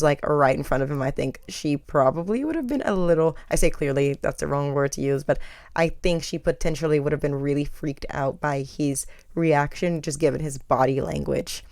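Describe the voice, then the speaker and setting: A woman's voice: deep voice, darkish tone, dry recording, studio quality. A woman hosting a podcast, giving chatty, opinionated pop culture commentary full of filler words. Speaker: podcast host.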